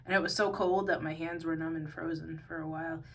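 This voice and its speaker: Woman vlogger, weary and a bit breathless, lowish voice, rambling chat, faint hiss in the background. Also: little pitch movement, a little fast, low-quality recording. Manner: soft, meandering, many fillers. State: tired, out of breath. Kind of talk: casual plant-care vlog. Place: home among houseplants, indoors.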